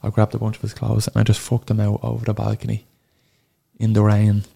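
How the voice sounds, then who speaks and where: A man in his thirties with an Irish accent, a podcast guest telling an emotional personal story, halting and sorrowful, swearing freely. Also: on the low side, completely flat delivery, vocal fry, mellow, breathy edge. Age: 30s.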